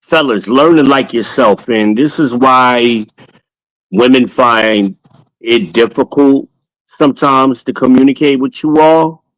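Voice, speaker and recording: A man's voice: mid-range voice, slow pace, a bit bright, rough recording. A podcast host talks casually to viewers while walking through his home, boastful and joking, swearing freely.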